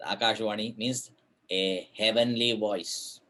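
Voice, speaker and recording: A man giving a spiritual discourse, telling a parable in an animated way and acting out the characters' voices. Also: on the low side, a little slow. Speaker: spiritual speaker.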